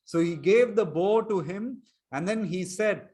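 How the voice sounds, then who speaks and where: A man's voice: high-pitched, lively intonation, moderate pace, hardly any pauses, dark tone. A man telling a story to children in an online class, chuckling and quizzing them. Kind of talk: storytelling lesson for kids online.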